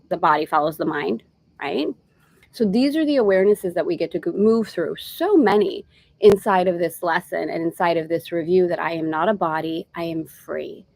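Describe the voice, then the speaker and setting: A woman's voice: fairly low pitch, no echo, poor audio. A woman leading a live online spiritual lesson, chatting casually with viewers between readings. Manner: warm chatty asides, breaks into laughter. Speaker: spiritual course teacher. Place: travelling in Greece, indoors.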